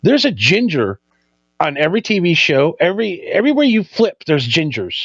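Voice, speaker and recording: Gravelly high-voiced man joking crudely. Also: very animated, moderate pace, a bit bright, no echo, lo-fi sound. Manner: crude joking banter, trails off into tangents. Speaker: podcast co-host. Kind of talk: casual stoned chat.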